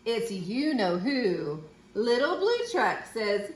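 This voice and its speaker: A woman reading a children's picture book aloud in an expressive, sing-song way, slipping into playful squeaky voices for the characters. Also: takes it slowly, echoey room. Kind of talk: children's storybook read-aloud.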